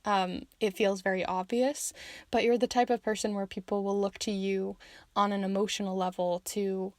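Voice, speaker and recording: A woman's voice: mid-range voice, little pitch movement, moderate pace, darkish tone, no room sound, studio quality. A young woman giving a chatty tarot reading, full of fillers, who says she is losing her voice. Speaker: tarot reader.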